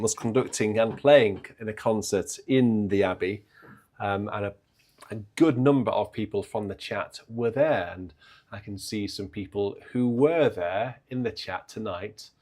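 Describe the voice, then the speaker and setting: A man's voice: lowish voice, unhurried, darkish tone. A British man hosting a livestream from the organ, chatting playfully and teasing viewers in the chat.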